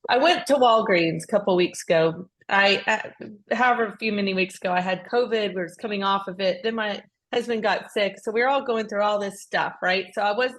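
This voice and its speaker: Animated woman telling a personal story. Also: medium pitch. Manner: animated storyteller, frequent restarts, laughs easily; acts out quoted speech with raised voice. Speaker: podcast co-host. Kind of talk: casual conversation, personal story.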